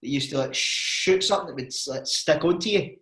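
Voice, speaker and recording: Scottish guy on a podcast, bit high voice, acts out the stories, echoey room. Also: fairly quick. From Scotland. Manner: animated storyteller, acts out quotes. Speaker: podcast co-host. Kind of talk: casual chat.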